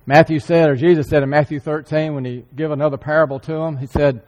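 A man preaching a sermon, earnestly repeating key phrases for emphasis and often clearing his throat. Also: a little high, flat delivery, fast, a little mellow. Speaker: church speaker. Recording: long hall reverb.

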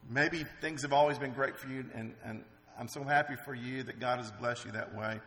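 A man's voice: medium pitch, pushed and bright. A middle-aged man preaching a sermon in an earnest, conversational way. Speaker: pastor. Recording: long reverb in a large hall.

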